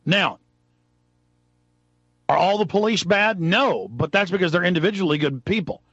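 High-pitched man ranting on talk radio. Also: lively intonation, slightly rough, no room sound, muffled recording. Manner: fast, angry, rising to shouts. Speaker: radio host. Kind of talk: heated political talk radio rant.

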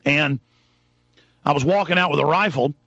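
A man in his thirties hosting a talk radio show, ranting fast and heatedly. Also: fairly high pitch, creaky, sharp tone, husky, no echo. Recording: dull lo-fi broadcast audio.

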